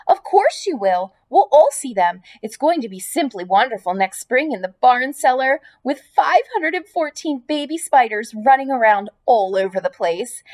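A woman reading aloud, voicing a young male pig who is eager and easily amazed, with high, breathless exclamations. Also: a little mellow.

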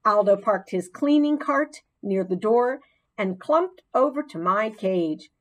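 A woman narrating a children's storybook in an expressive, gently dramatic way. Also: mid-range voice, takes it slowly, rough recording. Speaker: audiobook narrator.

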